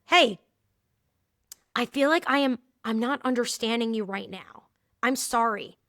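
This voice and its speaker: A woman hosts a casual solo talk show, telling workplace stories in a lively way and acting out the voices of the people in them. Her voice is on the high side and a little slow. The studio-quality recording has no echo.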